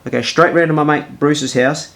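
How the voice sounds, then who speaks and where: A man's voice: fairly high pitch, fairly even intonation, moderate pace, fairly bright tone. A man in his fifties with a New Zealand accent, telling a casual anecdote in a blunt, exasperated way. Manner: blunt, exasperated, swears freely. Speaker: storyteller.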